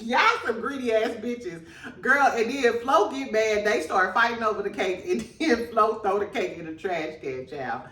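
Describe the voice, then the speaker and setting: A woman's voice: moderate pace, sharp tone, echoey room, distant mic. A woman hosting a reality TV recap in casual chat, laughing often and talking in slang and gossip. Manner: laughs a lot, gossipy, slangy, mimics people in high voices.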